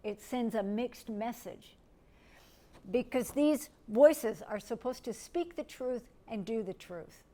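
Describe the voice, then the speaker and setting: A middle-aged woman from the United States, teaching a lecture in a gentle, step-by-step way and asking her listeners questions. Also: on the high side, animated, slow pace. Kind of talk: recorded lecture.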